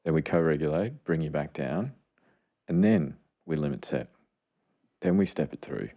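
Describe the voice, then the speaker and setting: This middle-aged podcast co-host, a clinician, has a very deep, gravelly, dark voice and talks at a moderate pace. His casual explanations come across as earnest and openly enthusiastic.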